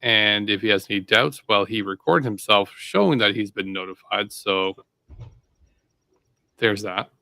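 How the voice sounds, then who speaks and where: Guy cohost rambling along, bright edgy voice, super dry sound. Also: fairly low pitch, unhurried, gravelly, no echo. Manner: hesitant, rambling with many restarts. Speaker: co-host. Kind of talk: casual chat.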